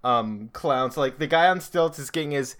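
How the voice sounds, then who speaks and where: A man on a podcast, excitedly chatting about a comic he read. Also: medium pitch, moderate pace. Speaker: podcast co-host. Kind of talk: casual chat.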